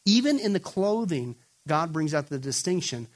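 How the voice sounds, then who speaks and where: A man preaching a sermon, talking straight to his listeners and pushing his points hard. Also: normal speed. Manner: emphatic, builds to raised, excited pitch when quoting; addresses listeners directly as folks. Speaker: pastor.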